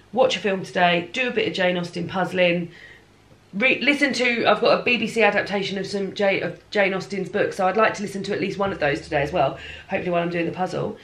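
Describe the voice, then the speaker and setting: A woman's voice: mid-range voice, fairly bright tone. An English woman vlogging casually from her kitchen at home, chatty and rambling, with the odd casual swear. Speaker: book vlogger. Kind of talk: casual rambling vlog chat. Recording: echoey room.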